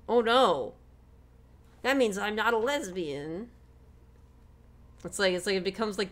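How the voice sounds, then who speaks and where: A young woman streaming a video game, chatting candidly and rambling as she answers her chat, swearing freely. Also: on the low side. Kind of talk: casual gameplay stream chat.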